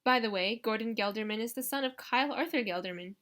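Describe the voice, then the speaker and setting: A woman's voice: fairly high pitch, fast, a bit bright, lightly acted. A woman voicing a snobbish, spiteful middle-aged aunt who talks down to others. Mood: haughty. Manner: haughty, scolding.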